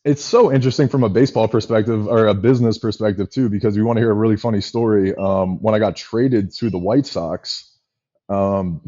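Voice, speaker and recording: Fast-talking man telling stories, lo-fi. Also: lowish voice, no room sound. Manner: rapid, animated storyteller with many fillers. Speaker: podcast guest, former pitcher. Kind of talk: casual storytelling chat. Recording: dull lo-fi podcast audio.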